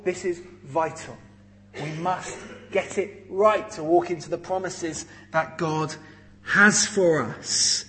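A man's voice: high voice, darkish tone. A man preaching a sermon to his congregation, emphatic and conversational, explaining scripture with everyday examples.

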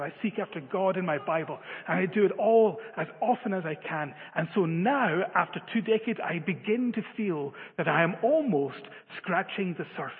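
A man delivers a sermon in an earnest, emphatic way, often restarting his phrases. His voice sits high and sounds slightly husky. The sound is thin like a phone line, with a long hall reverb behind it. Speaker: preacher.

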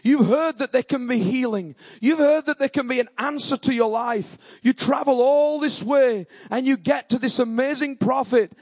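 A male preacher delivering an impassioned sermon, repeating phrases and asking the congregation questions, with a husky voice. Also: very high voice, moderate pace, few pauses, a little mellow, dry recording.

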